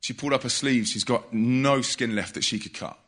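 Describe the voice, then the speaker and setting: A man preaching to a live audience, telling a story with energy and loud bursts of emphasis. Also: medium pitch, fairly even intonation, moderate pace. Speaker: youth evangelist.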